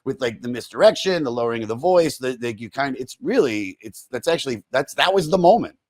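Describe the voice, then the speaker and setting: Rambling, excitable male podcast host. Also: mid-range voice, brisk, dry recording. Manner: rambling and enthusiastic, swears, full of fillers like "dude" and "like". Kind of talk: casual podcast chat.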